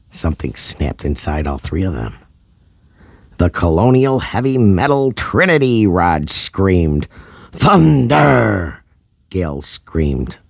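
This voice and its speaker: A man's voice: low voice, slightly rough, no echo, clean studio sound. A man narrating a scripted comedy story in a dramatic, over-the-top way.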